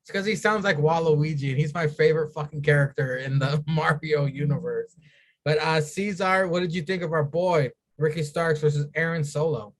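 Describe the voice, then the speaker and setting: A man's voice: a little high, normal speed. A man hosting a casual podcast, reading out recap lines with wisecracks. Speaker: podcast host.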